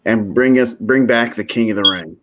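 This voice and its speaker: A man's voice: on the low side, normal speed, highs cut off, background noise. A man co-hosting a podcast, talking casually and jokingly, with lots of restarts and asides. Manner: rambling, jokey, lots of restarts. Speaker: podcast co-host. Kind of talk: casual wrestling chat.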